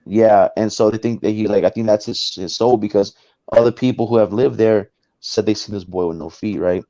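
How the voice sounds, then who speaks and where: A man speaks as a guest over a video call and tells a personal story in a casual way, acting out the people in it. His voice sits fairly low. The audio is dull and bone-dry. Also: steady tone, brisk, dark tone, no room sound. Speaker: talk show guest, paranormal investigator.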